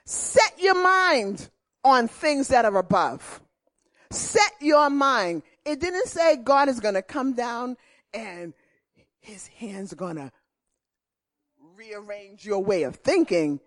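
Animated woman preaching a slow sermon. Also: fairly high pitch. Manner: animated storytelling, repeats key phrases. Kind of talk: sermon with personal testimony.

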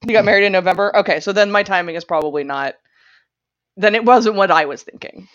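A woman's voice: medium pitch, fast, dry recording. Woman, sports podcast co-host, wry pessimist, dull lo-fi recording, dry close sound. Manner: wry, self-described pessimist. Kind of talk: casual sports chat.

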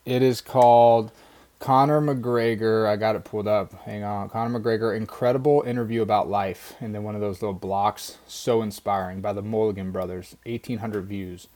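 A man with a low voice that stays level co-hosts a podcast in a small studio. He speaks with earnest enthusiasm in long, flowing runs. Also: fairly even intonation, fairly quick, hardly any pauses, a little mellow. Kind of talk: motivational podcast talk.

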